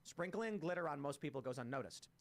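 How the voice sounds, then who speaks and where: A man hosting a casual panel talk, telling stories in an animated, rapid way. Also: a little high. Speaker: host.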